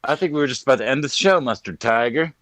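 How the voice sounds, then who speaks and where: A man's voice: mid-range voice, expressive, fast talker, a bit bright, dry recording. A man co-hosting a live online podcast in crude, joking, rambling banter. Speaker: podcast co-host. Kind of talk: casual live-stream banter.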